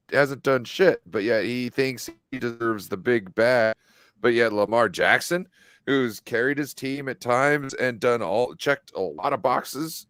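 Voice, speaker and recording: A man's voice: mid-range voice, fairly bright tone, smooth, no echo. A man co-hosting a sports podcast over an online call, talking bluntly and with animation, full of "you know" and "like". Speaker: podcast co-host. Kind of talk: casual sports chat. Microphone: online call connection.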